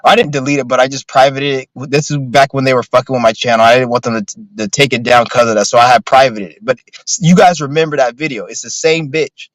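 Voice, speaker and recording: A man's voice: mid-range voice, fairly even intonation, quick pace, hardly any pauses, no echo, rough recording. A man ranting casually on a livestream, profane and rambling with lots of filler words. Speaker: streamer.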